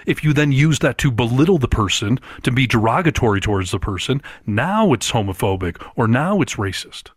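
A man's voice: medium pitch, animated, a little fast, hardly any pauses, slightly rough, no room sound. A man co-hosting a podcast, making his points in an emphatic, argumentative casual chat, close to the mic. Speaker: podcast co-host.

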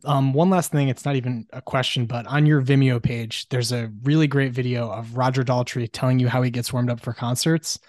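A man's voice: medium pitch, steady tone, brisk, hardly any pauses, a little mellow, dry recording, clean studio sound. A young man co-hosting a podcast, eagerly asking questions and laughing along in casual interview chat. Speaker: podcast co-host.

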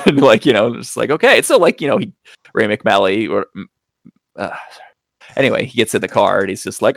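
A man co-hosting a podcast, casually recapping a film in a rambling, profane way, jumping into loud acted-out quotes. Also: on the low side, lively intonation, a little fast, creaky, no room sound, studio quality. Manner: rambling, profane, acts out quotes with big voice jumps. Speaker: podcast co-host reviewing movies. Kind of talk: casual chat.

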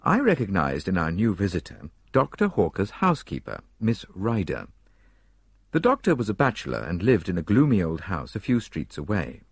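Low husky male audiobook narrator. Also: huge pitch swings, moderate pace, dry recording, studio quality.

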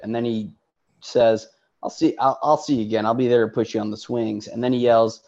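Podcast co-host, man, mid-pitched voice, wry quick jokes, slightly dull recording. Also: steady tone, darkish tone. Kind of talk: casual movie podcast chat.

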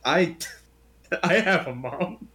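A man with a notably high voice chats with easy enthusiasm, cursing casually as he gushes. He laughs readily. The delivery is relaxed, unscripted podcast banter. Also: extremely slow. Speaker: podcast co-host reviewing sketch comedy. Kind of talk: casual chat.

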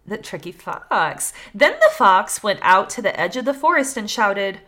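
A woman's voice: mid-range voice, very animated, measured pace, few pauses, sharp tone. Chatty young woman reading folktales aloud. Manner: chatty, swearing, stops to react mid-story. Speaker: podcast co-host and storyteller.

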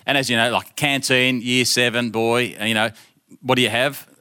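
A man's voice: medium pitch, fairly even intonation, moderate pace, bright, forceful tone, clear, resonant tone. A middle-aged man preaching in a casual storytelling style. He acts out the voices of the people in his story and laughs often. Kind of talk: storytelling sermon.

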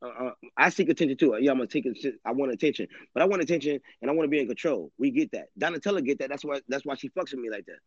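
A man's voice: mid-range voice, lively intonation, racing, hardly any pauses, husky, no room sound. A man hosting a live stream, rambling casually in street slang and swearing often. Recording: dull lo-fi dry audio.

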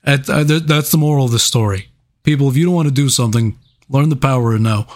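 A man's voice: mid-range voice, quick pace. A man co-hosting a casual movie review chat, telling stories with lots of laughter and swearing. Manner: laughing, profane, animated storytelling. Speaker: podcast co-host.

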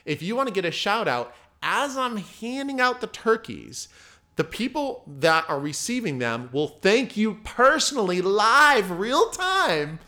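A man, a mindset coach, telling stories in a casual, animated way as a podcast guest. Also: sits high, a little slow. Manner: animated, acts out voices in anecdotes. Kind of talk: casual storytelling.

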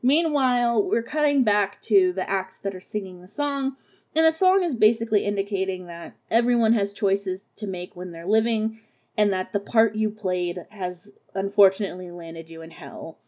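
Speaking at a moderate pace in a medium-pitched, somewhat dark voice, a young podcast host recaps a horror musical she's reviewing. Her take is sarcastic and laid-back, peppered with profanity and small laughs at her own humor, and it sounds unscripted.

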